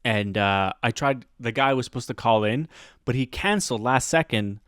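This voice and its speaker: A man hosting a podcast, telling a lively casual story about the class he teaches, laughing often and acting out the voices of the people he quotes. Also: mid-range voice, moderate pace, clear, resonant tone, no room sound, clean studio sound. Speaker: podcast host.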